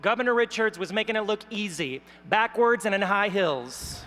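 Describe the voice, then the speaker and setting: A woman from Texas, giving a rousing political speech at a convention, building up to shouts. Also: medium pitch, moderate pace, big-room sound, slight background noise. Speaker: convention speaker. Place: large convention hall.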